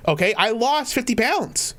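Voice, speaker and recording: A man from the United States hosting a casual call-in podcast, easygoing and halting, often repeating himself. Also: very high voice, animated, fairly bright tone. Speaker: podcast host.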